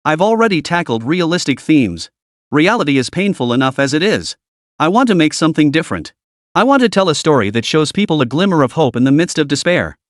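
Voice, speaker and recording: A man voicing a calm, determined young male film director speaking earnestly to his team. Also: a little high, brisk, no room sound, clean studio sound.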